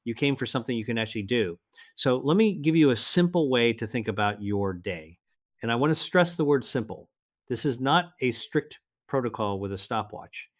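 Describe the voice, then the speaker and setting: An older man narrating a health advice video in an earnest, measured way, slowing down to stress single words. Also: mid-range voice, animated. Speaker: health presenter. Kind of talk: scripted narration.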